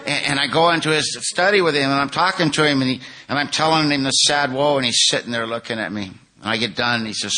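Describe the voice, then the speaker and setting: An older man with a bright, forward voice shares his personal testimony to a conference crowd. He tells it candidly and with self-mocking humor, dropping low and then rising loud. His pitch sits mid-range for a man. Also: quick pace, few pauses. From California. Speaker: recovery speaker.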